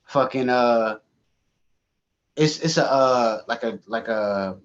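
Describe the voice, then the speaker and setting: A man co-hosting a podcast, telling a story in casual, profane, animated chat and laughing often. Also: mid-range voice, slow, dull audio. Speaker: podcast co-host.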